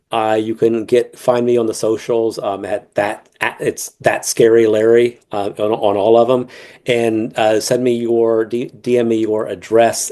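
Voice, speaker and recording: A guest author on a podcast, this man has a lowish voice with a dark tone. He talks casually with many restarts and frequent laughter, joking and swearing freely in a profane, joking manner.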